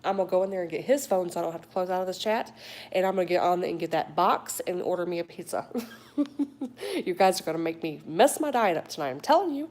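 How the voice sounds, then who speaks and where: A middle-aged woman chatting casually on a phone livestream, reading viewer comments aloud with animated talk and whispered asides. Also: on the low side, quick pace. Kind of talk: casual live chat. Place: home in a warm state.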